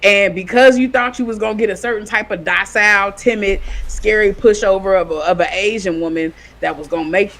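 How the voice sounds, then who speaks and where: Lively co-host voice, average pitch, quick to act out other people in a loose podcast chat. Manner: animated, acts out quoted people. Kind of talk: casual commentary chat.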